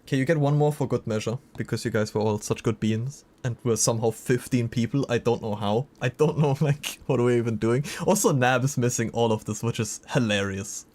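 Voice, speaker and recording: A man's voice: medium pitch, fairly quick, hardly any pauses, darkish tone. Male streamer, mid-range voice, casual running chatter with viewers. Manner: chatty, reacts to chat messages. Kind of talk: casual livestream chat.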